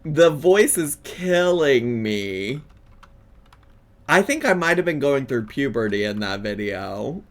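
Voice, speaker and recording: A man's voice: medium pitch, sing-song, slow. A man in his thirties giving casual, playful reaction commentary, laughing often. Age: 30s. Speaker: YouTube reaction host.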